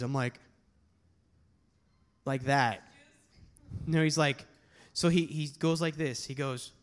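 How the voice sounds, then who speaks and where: A man, a touring slam poet, telling a comic story live on stage, animated and casually profane. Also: a little high, smooth. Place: poetry slam venue, live audience.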